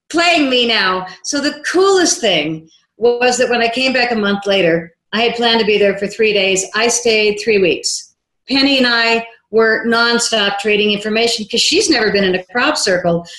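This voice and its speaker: A woman guest tells her story with animated energy, acting out each line of dialogue she quotes. Her voice sits fairly high, and the recording rings with a roomy echo. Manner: lively, acts out quoted dialogue. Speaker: interview guest, filmmaker.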